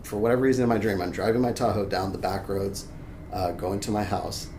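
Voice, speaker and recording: A young adult man, a podcast guest, telling a story in casual chat, animated and swearing freely, acting out his own shouts. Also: fairly low pitch, fairly quick. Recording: echoey room, faint background noise.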